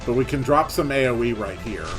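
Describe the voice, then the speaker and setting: A man's voice: mid-range voice, expressive, brisk. A man casually commentating his own gameplay and thinking aloud, over faint music. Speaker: game streamer reading and playing.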